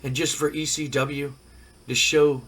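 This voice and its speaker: A man with a cold-cracked voice voicing a brooding, bitter male wrestler, talking slowly. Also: fairly high pitch, level tone, bright, forceful tone, husky, exaggerated voice.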